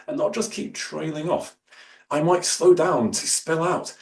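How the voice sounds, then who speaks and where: A man giving a workshop talk on public speaking, with many fillers and restarts, who shifts his loudness and pace. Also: fairly high pitch, measured pace. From Scotland. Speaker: lecturer. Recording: roomy, distant mic, faint hum.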